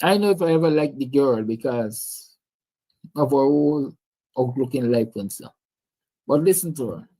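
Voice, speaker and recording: A man's voice: mid-range voice, expressive, normal speed, pauses often, mellow. A man with a Guyanese accent hosting a livestream, giving impassioned, preachy political commentary and answering viewer comments. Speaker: livestream host.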